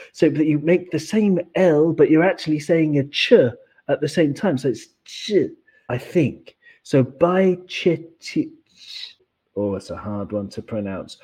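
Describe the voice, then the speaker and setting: A man's voice: mid-range voice, a little mellow, breathy edge. A man hosting a casual podcast, explaining pronunciation step by step in a teacherly way. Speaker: podcast host.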